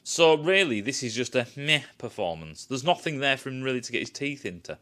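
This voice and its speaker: A young man tears into a film in a casual, sarcastic rant full of swearing. His pitch swings widely as he mocks what he sees, lively and animated from one line to the next. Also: fairly quick. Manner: profane, sarcastic, mocking. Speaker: film reviewer. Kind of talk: casual ranting film critique.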